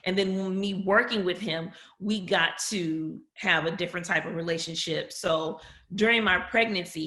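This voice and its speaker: A woman's voice: fairly low pitch, sharp tone, roomy sound. A woman guest on a podcast, telling a personal family story candidly and with feeling, often quoting people in her own voice. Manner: candid, emotional, quotes others in her own voice.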